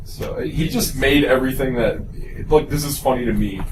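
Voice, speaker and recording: A man's voice: medium pitch, fairly quick. A man co-hosting a casual podcast, teasing his friends. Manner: lively, teasing. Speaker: podcast co-host. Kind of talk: casual chat. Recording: echoey room, distant mic, noisy.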